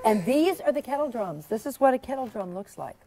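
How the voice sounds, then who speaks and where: A woman storyteller reading her picture book aloud to a classroom of children, expressive and coaxing them to join in. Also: on the high side, a little fast, faint music behind. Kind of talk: interactive read-aloud for children.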